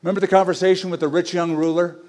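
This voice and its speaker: A male pastor preaching a sermon, conversational and emphatic, swinging between loud and hushed. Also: high voice, flat delivery, rapid-fire. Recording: long reverb of a large hall.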